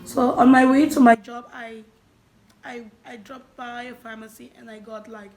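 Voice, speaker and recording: A young woman recounting a personal story for her vlog, her fairly high voice often falling to a near murmur as she restarts sentences. She sounds emotional and halting. The room around her is echoey. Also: level tone. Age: young adult. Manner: emotional, halting, many restarts and soft drops in volume. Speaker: vlogger.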